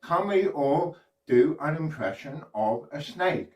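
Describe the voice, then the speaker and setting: A man's voice: on the high side, expressive, slow, a little mellow, echoey room, distant mic, low-quality recording. A man from the UK performing a playful children's magic routine, prompting the audience to join in.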